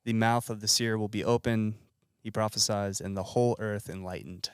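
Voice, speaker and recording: Male podcast host, low smooth voice, dry close mic, reads history notes with dry asides. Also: steady tone, normal speed, no echo. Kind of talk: casual podcast reading notes.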